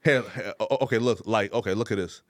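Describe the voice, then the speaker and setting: A man hosting a casual chat, animated and full of filler words. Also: on the low side, fast, dry recording, clean studio sound. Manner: animated, lots of filler words, playful put-on accents. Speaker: podcast host.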